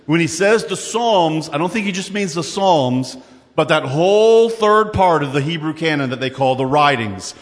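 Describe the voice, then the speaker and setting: A man preaching a sermon in an animated, conversational way, with quick asides and repeated words as he works through scripture. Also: fairly high pitch, big-room sound. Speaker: pastor.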